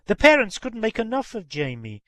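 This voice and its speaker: Give me a man narrating a folk tale, measured and expressive, on a dry close mic. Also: high voice, no room sound. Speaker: storyteller. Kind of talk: reading a folk tale aloud.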